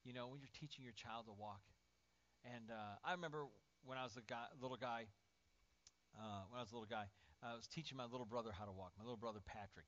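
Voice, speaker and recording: A male pastor preaching a lively sermon, swinging from loud, acted-out outbursts to near-whispers. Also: medium pitch. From Indiana, USA. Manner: animated, acts out voices and swings from shouting to near-whisper. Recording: dull lo-fi sermon audio.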